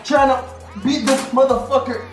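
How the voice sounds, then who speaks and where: A woman with a high voice speaks at a moderate pace in a level tone. She's vlogging from a bathroom in an excited, casual chat, squealing, laughing a lot, and saying again and again that she's scared. The bathroom echoes, and faint music plays in the background.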